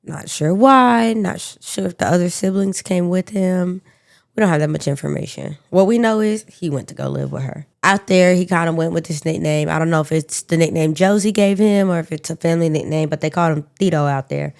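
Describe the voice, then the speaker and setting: A woman's voice: on the low side, a little fast, creaky, a little mellow. A woman co-hosting a podcast, telling a true-crime story in a casual, slangy, profane way with joking asides. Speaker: podcast co-host.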